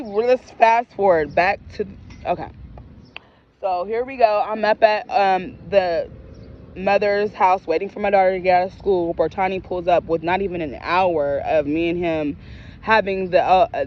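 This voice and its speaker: A woman's voice: lowish voice, highs cut off, a little hiss or hum. A young woman telling a personal story in a casual, candid and profane way, full of emotion. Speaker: storyteller vlogger.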